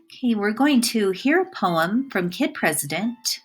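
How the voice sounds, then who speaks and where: A woman teacher narrating a recorded slide lesson, speaking clearly and deliberately, stressing single words for emphasis. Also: mid-range voice, sing-song.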